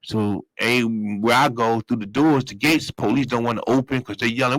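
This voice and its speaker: A man's voice: mid-range voice, brisk, hardly any pauses, fairly bright tone, no room sound, poor audio. A man casually telling a personal story in slang, acting out other people's voices as he goes. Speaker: storyteller host.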